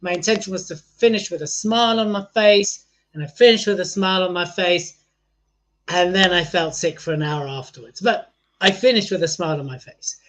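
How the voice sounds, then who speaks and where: Jokey man with a high voice. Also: brisk. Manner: jokey and energetic, laughs often. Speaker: podcast co-host. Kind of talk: casual chat.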